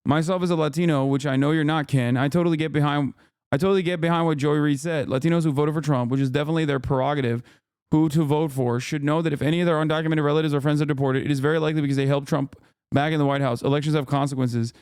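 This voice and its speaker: A man's voice: a little high, steady tone, racing, a little mellow, smooth, dry recording, studio quality. A man in his thirties hosting a livestream, giving casual commentary and reading posts aloud in an exasperated, profane way. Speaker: streamer host.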